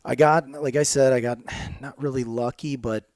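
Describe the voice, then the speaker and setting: A man from Illinois, a guest actor telling stories in a casual, animated way with casual swearing. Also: medium pitch, moderate pace, no room sound, studio quality. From Illinois, USA. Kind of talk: casual podcast chat.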